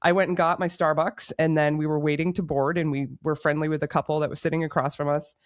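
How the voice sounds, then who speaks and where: A woman co-hosting a podcast, telling a story in a casual, animated and self-mocking way, laughing mid-sentence. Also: deep voice, quick pace, no room sound, studio quality. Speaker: podcast co-host.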